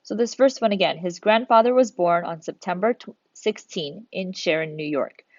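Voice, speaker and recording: A woman's voice: on the low side, moderate pace, dry recording, highs cut off. A woman teacher talking through a recorded grammar lesson, patient, step by step, thinking aloud as she works.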